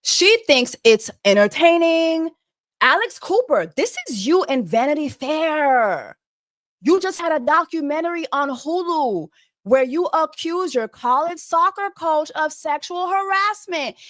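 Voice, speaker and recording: A woman's voice: high-pitched, animated, unhurried, a bit bright, dry recording, clean studio sound. A woman hosting a reaction commentary, talking emphatically and repeating phrases to drive her point home. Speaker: host.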